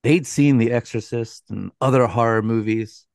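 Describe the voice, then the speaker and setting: A man co-hosting a podcast, narrating a scripted story in a measured, dramatic way, with a dry aside. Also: medium pitch, gravelly, darkish tone, no echo. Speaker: co-host.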